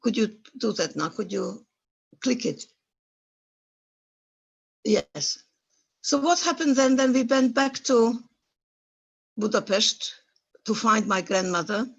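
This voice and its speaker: Elderly woman from former Yugoslavia, husky. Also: on the high side, expressive, takes it slowly, pauses often, lo-fi sound. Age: 80s. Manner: emotional, vivid storytelling with searching, non-native phrasing. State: stirred up by memories. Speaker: Holocaust survivor guest speaker. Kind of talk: personal testimony at an online talk.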